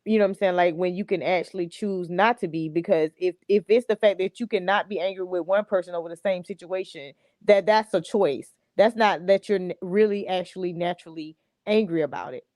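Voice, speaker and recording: A woman's voice: fairly low pitch, brisk, hardly any pauses, darkish tone. Casual woman guest, rambling explanations, filler-heavy speech. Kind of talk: casual chat.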